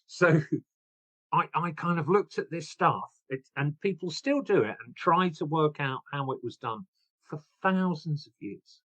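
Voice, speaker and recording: A man in his sixties, an author guest, telling his story in an animated, chatty way and laughing at himself. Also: on the high side, measured pace. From England. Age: 60s. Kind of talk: casual interview chat.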